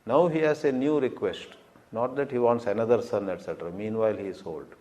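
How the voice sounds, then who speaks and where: Spiritual teacher, animated. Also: male voice, fairly low pitch, fairly quick. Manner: animated, chuckling, storytelling. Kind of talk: spiritual lecture with storytelling.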